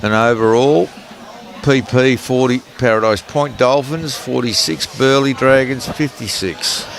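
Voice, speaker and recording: A man's voice: mid-range voice, unhurried, vocal fry. A man giving bowls co-commentary, mostly with short, agreeable replies. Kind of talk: livestream sports commentary.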